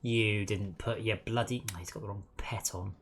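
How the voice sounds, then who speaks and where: A man's voice: on the low side, steady tone, moderate pace, fairly bright tone. A man streaming a co-op game, chatting casually and self-mockingly while calling out targets and coaching his teammates. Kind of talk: casual gameplay chat.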